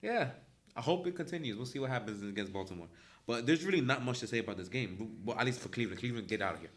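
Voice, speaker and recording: A man's voice: medium pitch, lively intonation, racing. A young man co-hosting a sports podcast, blunt and joking, swearing casually as he breaks down a game. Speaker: podcast co-host.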